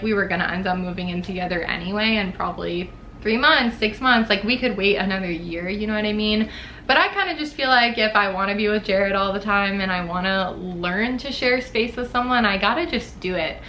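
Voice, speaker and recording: A woman's voice: mid-range voice, bright, forceful tone, a little hiss or hum. A young woman in her twenties talking casually to her viewers in a Q&A vlog, chatty and full of "like" fillers. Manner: chatty, many "like" fillers, frequent laughs. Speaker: YouTuber. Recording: echoey room with faint ambience.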